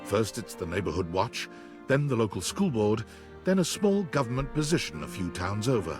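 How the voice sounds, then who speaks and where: A man's voice: on the low side, very animated, moderate pace, music in the background. A man narrating a video game in a wry, storytelling manner. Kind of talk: scripted narration.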